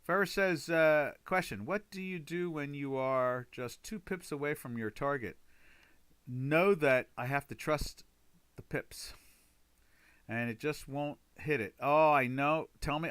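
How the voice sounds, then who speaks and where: A man from the United States hosts a live webinar, talking loosely and rambling between points. His voice is bright and forceful. The recording is dry and close. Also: fairly high pitch, no room sound. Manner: chatty, rambling, exclaims loudly in frustration. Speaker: trading webinar host. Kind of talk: casual live webinar talk.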